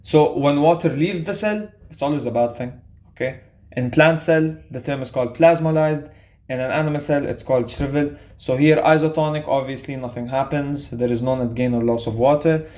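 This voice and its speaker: A man's voice: medium pitch, normal speed, a little mellow. A young man, tutoring biology in a casual, chatty way and often checking in with "okay?". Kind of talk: explaining a quiz to students.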